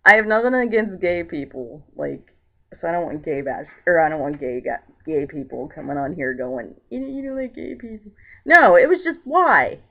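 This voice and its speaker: Rambling woman reviewing a film, gravelly. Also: low voice, big pitch swings, moderate pace. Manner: rambling, filler-heavy retelling with lots of "like"; exasperated and indignant. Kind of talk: casual vlog movie review. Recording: tinny, phone-like lo-fi sound.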